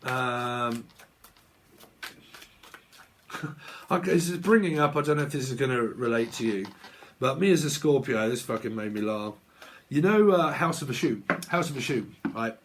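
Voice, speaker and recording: A man's voice: medium pitch, expressive, moderate pace, pauses often, slight background noise. A man talking as a tarot reader in a blunt, sweary casual vlog rant, laughing often.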